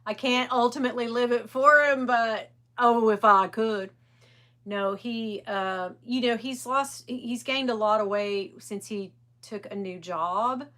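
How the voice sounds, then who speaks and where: Bright, chatty middle-aged woman. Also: fairly high pitch, a little slow. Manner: chatty, rambling, greets viewers by name; animated. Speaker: livestream host. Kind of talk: casual livestream chat.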